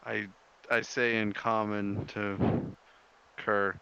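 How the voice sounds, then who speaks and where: Dude at a tabletop game, slow and gravelly, crisp bright voice, dry jokes. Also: male voice, on the low side, level tone, dull audio. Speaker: player. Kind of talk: casual tabletop game play.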